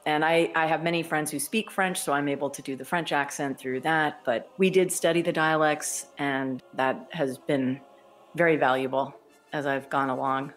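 A woman's voice: sits low, steady tone, normal speed. A woman voice actor chatting enthusiastically as a podcast guest, laughing often. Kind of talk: casual podcast interview.

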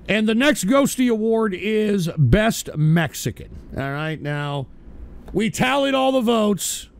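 Shouty, gravelly man hosting an awards show. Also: sits high, slow pace. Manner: profane, shouty, animated. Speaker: online show host. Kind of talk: awards segment rant.

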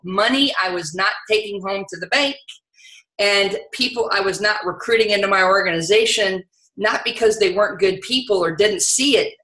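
A woman giving an energetic, conversational sales training talk, often saying "you know". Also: medium pitch, echoey room, low-quality recording.

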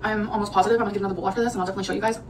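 A woman's voice: medium pitch, steady tone, racing, distant mic. A woman rambling chattily to her viewers in a casual cooking and eating vlog. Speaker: vlogger. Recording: noisy audio from off-mic.

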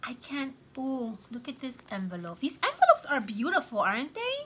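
A woman casually showing off her thrift-shop finds on camera, gushing with excitement over each one. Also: high voice, fairly quick, background noise. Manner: gushing, excitable, frequent gasps and exclamations. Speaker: craft vlogger. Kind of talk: casual show-and-tell vlog.

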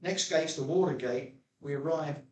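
Pastor preaching in an echoey church. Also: male voice, normal speed, a little mellow. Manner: chatty storytelling preacher, jumps to high pitch when quoting himself. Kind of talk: sermon. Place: church hall. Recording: echoey church room, mic at a distance.

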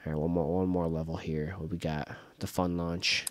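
A man's voice: low-pitched, little pitch movement, moderate pace. A young man giving casual let's-play commentary, talking to himself, frustrated and joking as he plays. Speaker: gaming video host.

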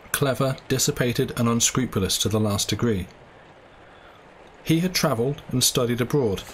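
A man reading a classic short story aloud in a steady storytelling manner. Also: medium pitch, slight background noise, low-quality recording. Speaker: audiobook reader.

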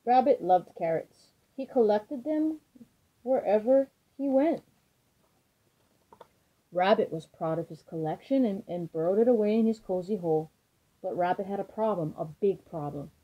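A woman reading a children's picture book aloud with expressive, lively storytelling. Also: mid-range voice, measured pace, pauses often. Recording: dull lo-fi recording.

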